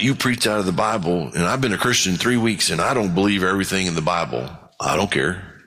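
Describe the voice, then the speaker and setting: A man's voice: on the low side, a bit bright. Man preaching in a reverberant church. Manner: conversational preaching, rising to impassioned. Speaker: pastor. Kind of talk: sermon. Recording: long reverb of a church hall.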